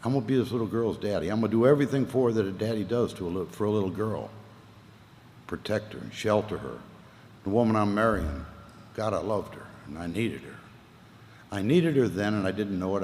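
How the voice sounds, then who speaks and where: A man with a lowish voice tells his own story at a recovery meeting, earnest and plainspoken, dropping to near-whispers and rising again as feeling takes him. His words ring out in a large reverberant hall with a faint hum of room noise behind. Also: fast, a little mellow. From Southern US. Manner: earnest storytelling, voice swells and sinks with emotion; casual Southern speech, 'ain't' and 'wasn't no'. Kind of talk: personal testimony talk.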